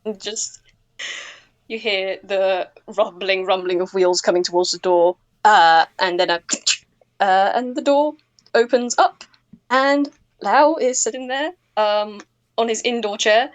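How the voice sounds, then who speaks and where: Relaxed woman narrating a tabletop game. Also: mid-range voice, unhurried, highs cut off. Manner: relaxed, lots of fillers. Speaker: game master.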